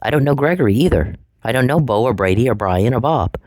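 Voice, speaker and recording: A man's voice: medium pitch, animated, fast, darkish tone, no room sound, poor audio. A man delivering an angry, confrontational monologue, taunting and swearing at the people he addresses.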